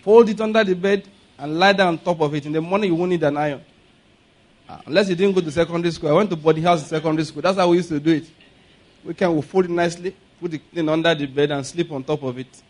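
A man's voice: fairly high pitch, quick pace, a little mellow. A man preaching a sermon, joking and laughing between points and leading the congregation in spoken declarations. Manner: humorous, laughing asides, leads congregation in declarations. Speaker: pastor. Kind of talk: sermon with call-and-response.

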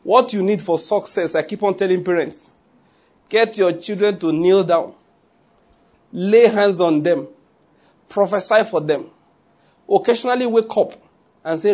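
A Nigerian man preaching in a loose, joking way, slipping into Pidgin now and then. His voice sits a little high for a man and has a husky, breathy grain. It sounds like a pastor talking straight to his congregation. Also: a little slow, pauses often, a little mellow. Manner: humorous, conversational preaching with Pidgin asides. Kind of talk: sermon.

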